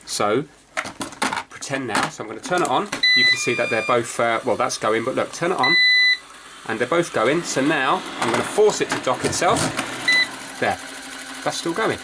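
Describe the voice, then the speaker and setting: In a repair video, a man with a mid-range, animated voice explains his work at a normal pace, leaving long pauses. He rambles casually and pokes fun at himself, with lots of fillers and restarts, over heavy background noise.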